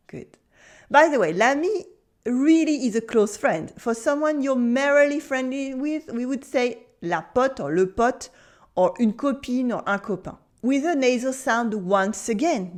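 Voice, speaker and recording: A French woman teaching pronunciation in English with a French accent, enunciating slowly and carefully and prompting the listener to repeat after her. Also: medium pitch. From France. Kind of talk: pronunciation lesson.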